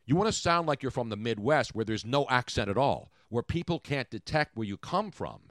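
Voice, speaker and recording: Middle-aged guy hosting radio, animated jokey riffs, bouncy voice, dry studio sound. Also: medium pitch, a little fast, no room sound. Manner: animated, joking, rambling riffs. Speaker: radio show host. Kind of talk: casual comedic radio banter.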